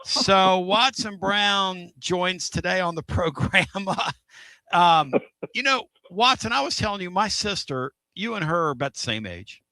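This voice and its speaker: A fired-up man hosting a sports talk show with a bright, forceful voice pitched a bit high. He rambles eagerly from story to story. The studio sound is dry and close. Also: measured pace, dry recording. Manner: energetic, rambling, laughs often. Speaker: radio show host. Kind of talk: excitable sports radio chat.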